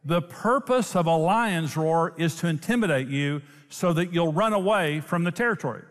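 Animated man preaching in a reverberant hall. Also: fairly high pitch, normal speed. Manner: animated storytelling with laughter. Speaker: pastor. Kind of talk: sermon.

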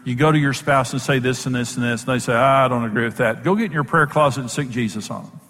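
A male Bible teacher and show host delivers a sermon-style talk at a mid-range pitch. He speaks emphatically and plainly, often restarting his words. The recording carries the long echo of a big hall. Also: fast, a bit bright.

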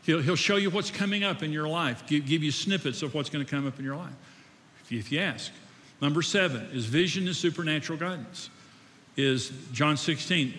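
A man's voice: a little high, brisk, a bit bright. Older man preaching in an echoey hall. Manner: conversational, asks the audience questions, self-deprecating. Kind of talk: sermon. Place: church hall.

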